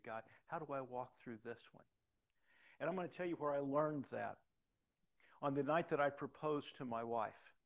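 Middle-aged guy preaching a sermon, gravelly voice, lots of restarts then gets loud and emphatic. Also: medium pitch. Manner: earnest storytelling with many restarts, rising to emphatic exhortation. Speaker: pastor.

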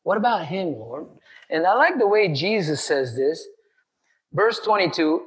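A man's voice: high voice, very animated, a little slow, a bit bright, poor audio. A man preaching a sermon, talking in a chatty way, acting out the voices of people in the story and putting questions to his listeners. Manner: conversational, acts out quoted voices, asks the congregation questions.

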